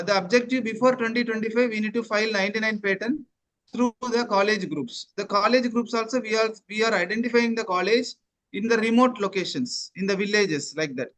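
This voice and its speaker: A man with a notably high voice introduces a guest during an online event. He speaks formally but hesitantly, leaning on filler sounds. He is heard through a video call. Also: brisk, fairly bright tone, low-quality recording. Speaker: event host.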